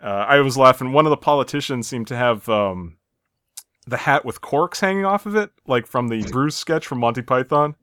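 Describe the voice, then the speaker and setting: A man's voice: mid-range voice, moderate pace, a bit bright, clear, resonant tone, no echo, clean studio sound. A man hosting a casual podcast, narrating an episode's plot step by step and chuckling at the gags. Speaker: podcast host. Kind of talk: casual episode recap chat.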